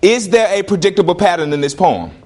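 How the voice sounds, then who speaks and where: A male teacher with a slightly higher voice leads a classroom lesson, firing questions at his students. He repeats prompts and pushes them along with lively energy. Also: fast.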